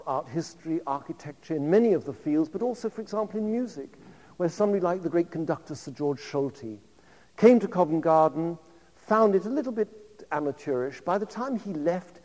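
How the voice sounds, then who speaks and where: Man, 50s, lecturer; a slightly high, anecdotal and conversational voice, recorded with long hall reverb. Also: dark tone. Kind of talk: public lecture.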